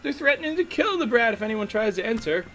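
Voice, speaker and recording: A man voicing a loud, gossipy middle-aged townswoman in a game, in a put-on accent that wavers between styles. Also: very high voice, sing-song, a little hiss or hum, pitched above the performer's own voice, heavily acted. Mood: indignant gossip. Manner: unsure mixed accent, drawn-out. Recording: faint music underneath.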